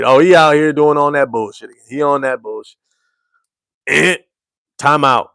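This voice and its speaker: A man's voice: fairly high pitch, moderate pace, long pauses, a bit bright, no room sound, studio quality. Emphatic man doing sports commentary. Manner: emphatic, repetitive, slangy. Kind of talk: casual live-stream sports commentary.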